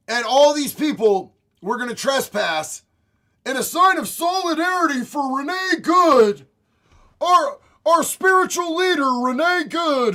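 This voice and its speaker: A man streaming reaction commentary in a profane, gleeful, often shouted way. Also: extremely high pitch.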